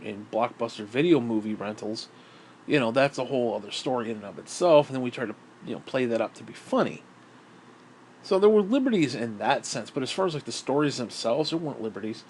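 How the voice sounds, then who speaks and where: A man's voice: medium pitch, a little hiss or hum. A middle-aged man in a casual monologue, ranting in a bitter, profane, rambling way. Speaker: vlogger.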